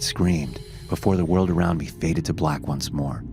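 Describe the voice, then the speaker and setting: A man narrates a horror story in a steady, measured manner. His voice is extremely deep, and soft music sits quietly underneath. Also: creaky.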